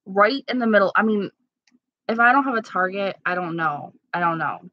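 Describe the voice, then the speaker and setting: A woman chatting casually with live-stream viewers at home, candid and quick to laugh. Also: mid-range voice, animated, dry recording. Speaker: livestream host. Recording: slightly dull lo-fi sound.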